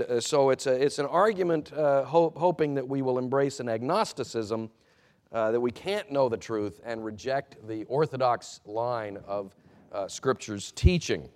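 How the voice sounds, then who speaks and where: A male pastor delivers a sermon in a mid-pitched voice. He reads scripture, then talks in an earnest, measured way, often pausing to gather his thoughts. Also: darkish tone. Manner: earnest and measured, with frequent hesitations.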